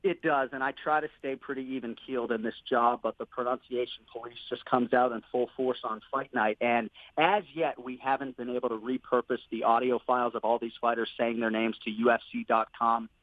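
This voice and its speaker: A man's voice: mid-range voice, steady tone, fairly quick, hardly any pauses, no echo. A man in his thirties, a sports commentator, chatting in an interview about his work and family in an earnest, enthusiastic way. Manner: earnest, enthusiastic, with fillers like "you know" and "man". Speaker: MMA play-by-play commentator, guest. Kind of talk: casual interview chat. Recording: tinny phone line, dry.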